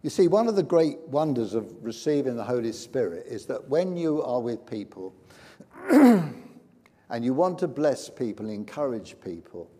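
An older man preaching a sermon in a church, emphatic and building to loud peaks. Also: medium pitch, very animated, moderate pace, slightly rough. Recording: long hall reverb.

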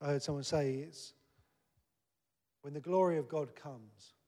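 Man preacher, sermon, higher-pitched, conversational and earnest, long hall reverb. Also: unhurried, dark tone. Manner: earnest, conversational preaching that rises to emphatic peaks.

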